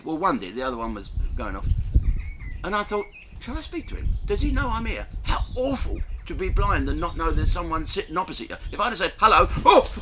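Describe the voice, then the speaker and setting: A middle-aged man from the south of England spins a crude, self-mocking yarn, his pitch leaping up and down as he goes. His tone is very bright and cutting. A faint hum of ambience sits behind him. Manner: crude, animated, self-mocking, laughs between lines. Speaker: comedian telling a story. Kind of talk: storytelling anecdote.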